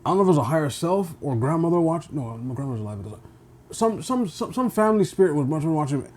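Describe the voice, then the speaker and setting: A man co-hosting a podcast, rambling in a relaxed way with lots of fillers. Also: a little high, quick pace. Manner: relaxed, rambling, many fillers and repeated "right". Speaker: podcast co-host. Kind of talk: casual chat.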